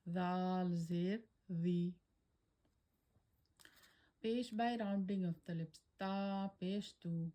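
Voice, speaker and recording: Slow, mellow woman drilling letter sounds. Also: on the low side. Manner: drawn-out syllables, repeated drills. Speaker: Quran teacher.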